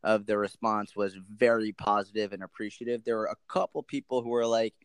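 A man speaking as a podcast guest on nutrition, animated and rambling with many restarts. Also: fairly low pitch, brisk, clear, resonant tone, dry recording. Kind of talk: casual interview chat.

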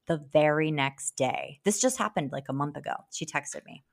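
A woman co-hosting a podcast in casual chat, animated and swearing freely as she jumps between topics. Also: deep voice, normal speed, vocal fry. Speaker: podcast co-host.

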